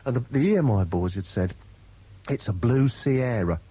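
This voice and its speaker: Animated husky male storyteller. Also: fairly low pitch, normal speed, low-quality recording. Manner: animated, laughing, acts out voices in his stories. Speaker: radio presenter telling an anecdote. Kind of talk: casual storytelling chat. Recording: 1980s radio broadcast.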